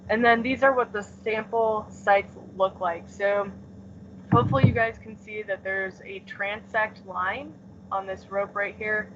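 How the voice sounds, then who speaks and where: A woman's voice: mid-range voice, fairly even intonation, measured pace. A woman teaching a class over a video call, explaining casually with lots of "um" and "like". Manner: casual, filler-heavy explaining with many "um" and "like". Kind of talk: remote class lesson. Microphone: computer mic on a video call. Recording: dull lo-fi call audio, faint hiss.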